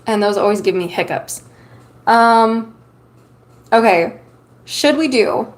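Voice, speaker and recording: A woman streamer chatting casually with her viewers while reading tarot cards, loose and talkative with lots of filler ums. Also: medium pitch. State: has the hiccups. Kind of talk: casual live-stream chat.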